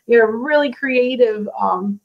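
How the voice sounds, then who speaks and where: An American woman hosting an interview, chatty and quick to laugh, with lots of "you know". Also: a little high, vocal fry, highs cut off. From United States. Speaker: interview host. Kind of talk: casual interview chat.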